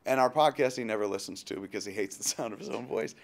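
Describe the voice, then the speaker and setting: A man in his thirties tells a long, rambling story at a rapid clip. His talk is jokey and loose, full of quick asides and a bit of profanity. It has the easy feel of a casual interview. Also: on the low side, creaky. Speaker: interviewee, filmmaker and author.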